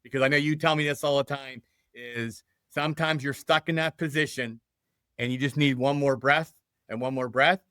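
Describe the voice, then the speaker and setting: Man, podcast host, earnest, agreeable, bright tense tone, dry sound. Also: mid-range voice, fairly even intonation, moderate pace, smooth, dry recording. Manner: agreeable and earnest, rephrases the guest's points. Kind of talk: casual interview talk.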